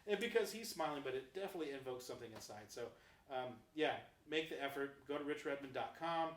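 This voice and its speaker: Man, show host, mid pitch, friendly and joking, distant mic, echoey room. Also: expressive, quick pace. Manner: friendly, joking, upbeat sign-off. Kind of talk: casual interview chat.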